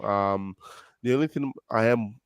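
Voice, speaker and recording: Male panelist, sick, low pitch, dry, relaxed and chuckling. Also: a little slow, smooth, no echo. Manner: laid-back, chuckles often. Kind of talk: casual football chat.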